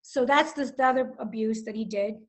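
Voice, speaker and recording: Middle-aged woman, podcast guest, personal testimony; slightly high voice, emotional, rambling delivery. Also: fairly quick. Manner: emotional, rambling, with restarts and frequent "like". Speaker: guest author.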